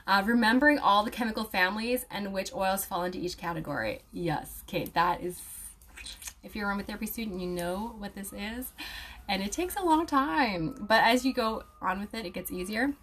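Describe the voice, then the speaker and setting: A woman's voice: medium pitch, lively intonation, a little fast, a bit bright. A young woman, an aromatherapy student, chatting casually with viewers and reading their comments aloud, with lots of fillers and laughs. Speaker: aromatherapy student and live-stream host.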